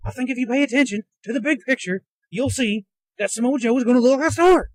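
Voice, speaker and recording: A man's voice: extremely high pitch, quick pace, no room sound, pitched above the performer's own voice. A man putting on a mocking impression of a folksy older male wrestling announcer, drawling and lecturing, recorded in a moving car.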